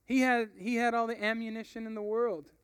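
A man's voice: very high voice, level tone, brisk, fairly bright tone, clear, resonant tone, no echo, studio quality. A young man preaching in a casual, conversational way, telling a story and reading from a book. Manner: casual, conversational, uses fillers like "like" and "you know".

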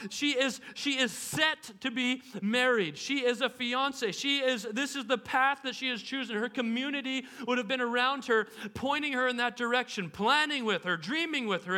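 A man's voice: very high voice, sharp tone. A man preaching a sermon in a casual, storytelling way with playful asides. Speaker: pastor.

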